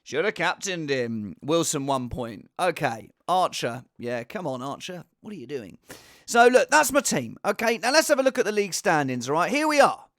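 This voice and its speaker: A man hosting a casual fantasy football show, rambling and animated, with a self-mocking tone. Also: fairly high pitch, normal speed, no room sound, clean studio sound. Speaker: host.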